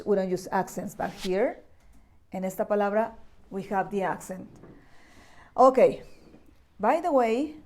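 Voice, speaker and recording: A woman's voice: medium pitch, a little mellow. A woman teaching English grammar to young children, talking patiently and repeating key words with frequent checks. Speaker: primary school English teacher. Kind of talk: recorded class lesson for children.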